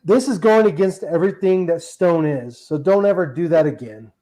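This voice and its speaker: High-voiced man teasing over a call. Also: expressive, moderate pace, mellow. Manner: teasing, blunt. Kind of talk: casual chat. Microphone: video call.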